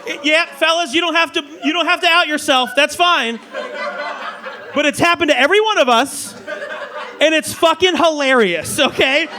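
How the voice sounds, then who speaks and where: A man performing a stand-up comedy set on a club stage, telling crude stories in a loud, animated way. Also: very high-pitched, normal speed, a faint crowd. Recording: live club audience laughter.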